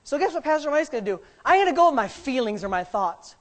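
A middle-aged man preaching a sermon as pastor, swinging from quiet, low asides to loud, fervent shouting. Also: big pitch swings, fast.

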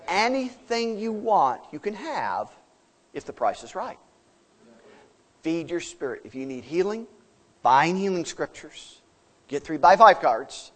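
A man's voice: fairly high pitch, animated, measured pace. A man preaching a sermon as pastor, emphatic and folksy, asking his listeners questions.

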